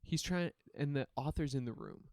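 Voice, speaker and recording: Animated storytelling man, dry sound. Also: normal speed, dry recording. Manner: animated, laughing, acts out quotes with big pitch jumps. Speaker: podcast co-host. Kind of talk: casual chat, storytelling.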